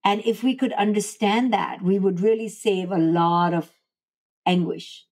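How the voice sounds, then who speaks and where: A woman's voice: mid-range voice, a little slow, a little mellow. A woman psychologist answering interview questions in an earnest way, acting out parent and child lines as she explains. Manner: earnest, acts out parent-child dialogue in quotes. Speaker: clinical psychologist and author, podcast guest.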